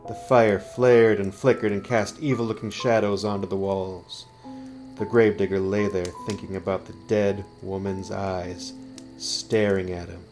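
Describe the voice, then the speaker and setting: A man reading a scary story aloud, slow and building suspense. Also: low-pitched, little pitch movement, music in the background.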